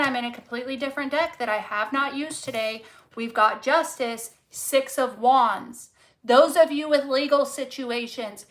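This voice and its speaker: Woman doing a tarot reading, slangy and emphatic, cusses a lot, kinda high bright voice. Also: low-quality recording. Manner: emphatic, swears freely, repeats key words; fervent, encouraging, slangy. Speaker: tarot reader. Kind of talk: casual tarot reading to camera.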